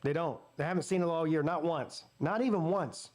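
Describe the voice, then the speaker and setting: A man's voice: fairly high pitch, fairly quick, a little mellow. A man hosting a live football watch party, giving blunt, profane play-by-play between fired-up rants. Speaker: sports channel host.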